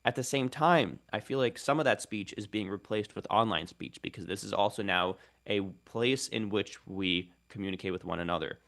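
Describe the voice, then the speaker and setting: Low-voiced man explaining language trends. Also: gravelly, fairly bright tone. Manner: fluent, thoughtful explaining with quick restarts. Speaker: guest linguist and content creator. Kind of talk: radio interview.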